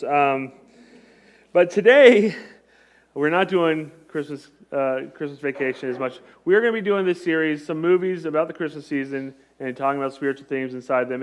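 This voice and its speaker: A man in his thirties gives a relaxed, talkative sermon. He jokes with the congregation and often breaks off mid-sentence to restart. His voice sits a little higher than most men's. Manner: chatty, joking, self-interrupting. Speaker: pastor. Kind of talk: conversational sermon.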